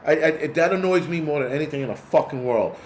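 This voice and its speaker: A man's voice: fairly high pitch, fast talker, roomy sound, slight background noise. A man from the United States hosting his channel, giving an angry, profane, rambling livestream rant full of restarts. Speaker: host.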